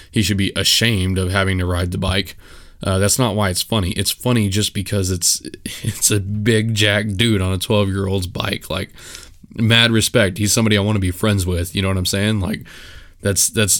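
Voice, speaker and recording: A man's voice: lowish voice, a bit bright. A man hosting a solo podcast, telling a rambling story in casual chat, full of fillers and restarts. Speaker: podcast host.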